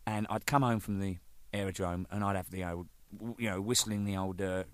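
A man's voice: sits low, brisk, smooth, no echo. A man, a band's drummer, telling casual anecdotes with lots of swearing and laughter. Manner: animated, swearing, laughing, acting out exchanges. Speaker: band's drummer recalling its singles.

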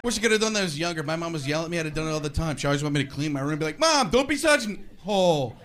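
A man's voice: on the high side, fairly even intonation, very fast, fairly bright tone, a little hiss or hum. A man performing a stand-up comedy routine, ranting and slipping into voices on stage. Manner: rants, switches into voices. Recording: live stage with crowd laughter. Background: audience laughing.

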